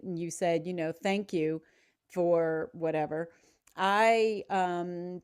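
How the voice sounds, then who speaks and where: A woman's voice: fairly low pitch, a little mellow, clean tone. Chatty woman on a video call. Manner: chatty, laughs easily. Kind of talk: casual video call chat.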